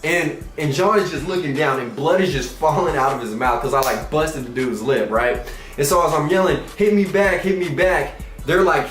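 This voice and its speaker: A man's voice: fairly high pitch, echoey room. Profane young man telling a comic story. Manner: animated, profane, acts out quotes in shifting voices.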